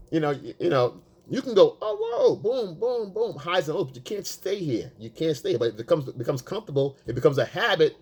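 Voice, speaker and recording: A man giving casual, profane dating advice, emphatic and blunt, acting out quotes in a high voice. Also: expressive, a little fast, a little mellow, breathy edge. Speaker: dating coach. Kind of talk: casual coaching monologue.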